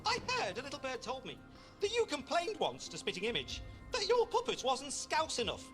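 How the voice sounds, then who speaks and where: A man's voice: very high voice, huge pitch swings, brisk, fairly bright tone, heavily acted. A man voicing a cheeky, gossipy sheep puppet with a Liverpool accent, in a clip played over music. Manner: cheeky, chatty.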